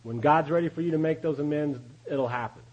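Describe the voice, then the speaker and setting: A man's voice: fairly high pitch, brisk, darkish tone, highs cut off. A middle-aged man telling his recovery story at a meeting in a folksy, confessional way, often laughing as he acts out what others said. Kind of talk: AA speaker talk, storytelling.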